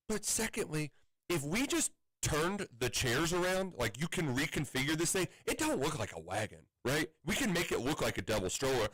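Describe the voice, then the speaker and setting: A man's voice: fairly high pitch, big pitch swings, moderate pace, fairly bright tone, dry recording, rough recording. A man in his thirties on sports radio, telling an exasperated story with many restarts and quoted voices. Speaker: radio show co-host.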